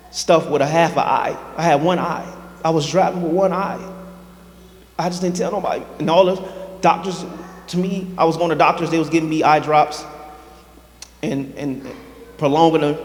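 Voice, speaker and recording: A young man giving a personal testimony in church, telling his story with feeling and acting out the voices of people in it. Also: on the high side. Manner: emotional storytelling, acts out quoted dialogue. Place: church sanctuary. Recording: echoey church hall, long reverb.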